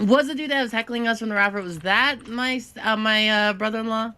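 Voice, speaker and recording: A woman playing in a tabletop game, blunt, teasing and quick-witted. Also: fairly high pitch, sharp tone. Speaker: player. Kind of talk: casual chat at a tabletop game.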